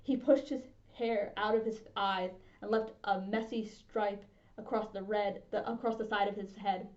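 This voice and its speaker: A woman's voice: mid-range voice, normal speed. Woman reading a storybook aloud. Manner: steady expressive reading. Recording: dull lo-fi sound.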